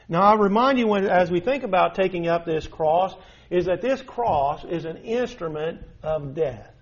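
A man preaching a sermon, earnest and emphatic, repeating points for stress. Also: high voice. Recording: dull lo-fi recording.

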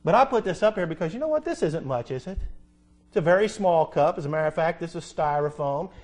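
A man preaching a sermon as pastor, asking rhetorical questions, repeating key phrases and reading scripture slowly. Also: on the high side, animated, darkish tone. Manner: quotes scripture slowly and deliberately. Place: church sanctuary.

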